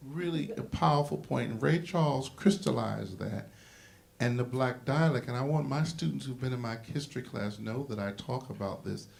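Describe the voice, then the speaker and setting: A man's voice: mid-range voice, normal speed, gravelly, a little mellow. A man moderating a symposium panel, explaining ideas in an emphatic, lecturing way like a history teacher.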